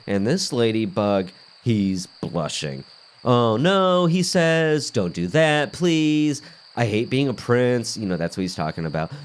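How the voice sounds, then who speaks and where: On a comedy podcast, an improviser plays a goofy, tough-talking garden bug, telling a rambling story in an improvised comic monologue. The voice sits in the mid-range, with faint music behind it and a bit of hiss or hum.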